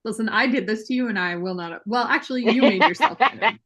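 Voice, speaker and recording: A woman running a tabletop game as game master, narrating and laughing with her players. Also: a little high. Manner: lively, unhurried, laughs often.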